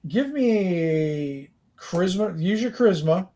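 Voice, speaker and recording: A man narrating a tabletop game as game master, rambling and halting with lots of fillers. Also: high voice, animated, mellow.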